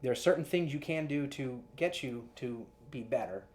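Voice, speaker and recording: A man's voice: medium pitch, normal speed, a little mellow, a little hiss or hum. A man who works as a casting director, giving earnest audition advice to actors. He often restarts and repeats words as he talks.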